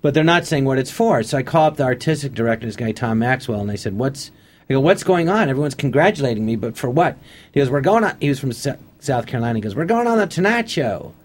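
A man's voice: mid-range voice, fast talker. Chatty man acting out old stories. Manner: animated anecdotes acting out quotes. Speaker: interview guest. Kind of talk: casual storytelling.

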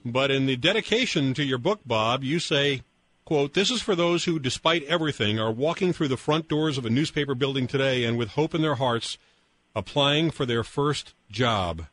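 A man's voice: medium pitch, expressive, normal speed, fairly bright tone, no echo, rough recording. Radio host guy asking his guest long questions, dry studio sound. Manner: asks long prepared questions, reads quotes. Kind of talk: radio interview.

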